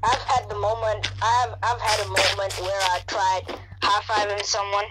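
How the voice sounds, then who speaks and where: A woman chatting casually while playing an online game, teasing her friend and breaking into playful shouts. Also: medium pitch, flat delivery, moderate pace, heavy background noise. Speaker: gamer. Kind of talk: casual gaming chat.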